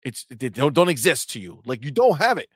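A young adult man co-hosting a gaming livestream, animated and profane, trash-talking rival fans and reading viewer chat aloud. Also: medium pitch, fairly quick, husky, dry recording. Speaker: co-host of a gaming talk stream. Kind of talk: casual livestream banter.

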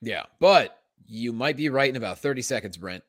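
Lively storytelling podcast host, dry mic. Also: male voice, medium pitch, moderate pace, dry recording. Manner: storytelling, animated and jokey. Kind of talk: casual podcast banter.

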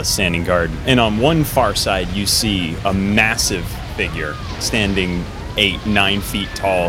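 A man narrating a tabletop role-playing game as game master, relaxed and pausing often on fillers. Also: fairly low pitch. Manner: relaxed, with frequent filler pauses.

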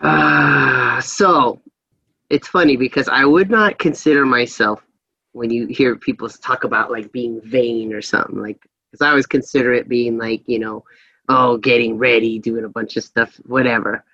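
A man's voice: mid-range voice, steady tone, moderate pace, sharp tone, no echo, lo-fi sound. A man in his forties co-hosting a casual chat podcast, telling stories and laughing often. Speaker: podcast co-host.

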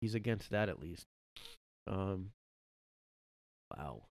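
A man's voice: deep voice, expressive, slow, vocal fry. Rambling man alone in his room. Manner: rambling, lots of fillers and self-corrections, laughs often. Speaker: podcast host. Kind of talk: casual solo chat. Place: home room.

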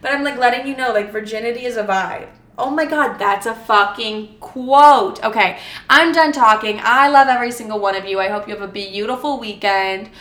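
A woman's voice: fairly high pitch, moderate pace, fairly bright tone, echoey room. A young adult woman hosting her own podcast, talking casually in a blunt, profane, rambling way. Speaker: podcast host. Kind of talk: casual solo podcast chat.

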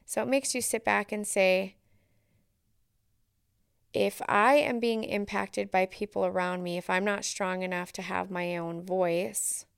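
A woman's voice: mid-range voice, fairly even intonation, unhurried, gravelly, smooth, no room sound, clean studio sound. A woman hosting a solo podcast, talking in a reflective, earnest way and thinking aloud with fillers. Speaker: podcast host.

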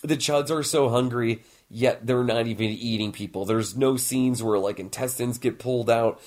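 A man's voice: medium pitch, moderate pace, darkish tone. A man co-hosting a casual movie commentary podcast, sarcastic and teasing, swearing freely. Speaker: podcast co-host.

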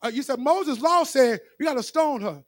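Man, pastor, very high voice, dry close sound, emphatic repetitive sermon. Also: lively intonation, moderate pace, a bit bright, no room sound. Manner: emphatic preaching with repetition, addressing congregation directly.

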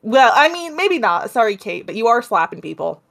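Female co-host, casual storyteller, chatty and animated. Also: on the high side, fairly quick, vocal fry. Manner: chatty, animated, with asides and laughs. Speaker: podcast co-host telling a story.

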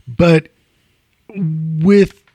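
A man's voice: fairly high pitch, fairly even intonation, drawn-out words, creaky, warm tone, husky, no echo. A man hosting a casual talk show, reading out figures and riffing wryly. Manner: wry, conversational, reads figures then riffs. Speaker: host.

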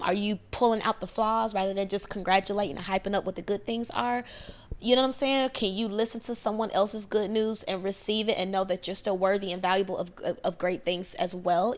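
A woman hosting a podcast, giving casual astrology advice in a lively way, often checking in with "right?" and "okay?". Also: mid-range voice. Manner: animated, acts out quoted voices, frequent "right?" and "okay?". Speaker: podcast host.

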